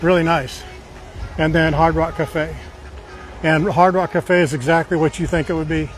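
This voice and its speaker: Guiding a walking live stream through city streets, a man with a slightly high voice rambles and tells stories full of fillers at a moderate pace. His pitch barely moves, soft music plays behind him, and faint street noise drifts in outdoors.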